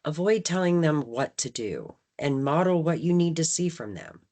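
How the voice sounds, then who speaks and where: A woman's voice: low-pitched, expressive, normal speed, dark tone. A woman leading a staff training session, talking conversationally and often checking in with "right?". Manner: acts out phrases with shifting emphasis. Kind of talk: training presentation.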